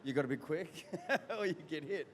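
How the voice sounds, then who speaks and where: A male actor chatting as a guest in an interview, talking in halting bursts full of fillers and restarts. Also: fairly high pitch, expressive, a bit bright. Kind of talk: casual interview chat. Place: convention event hall. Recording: reverberant hall with faint crowd ambience.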